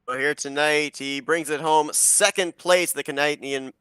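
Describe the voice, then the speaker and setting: A male race commentator with a bright, crisp, clear voice, pitched a little high. His delivery is polished and upbeat, like a seasoned broadcaster. The sound is dry and close. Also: fairly even intonation, measured pace, dry recording. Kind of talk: play-by-play commentary.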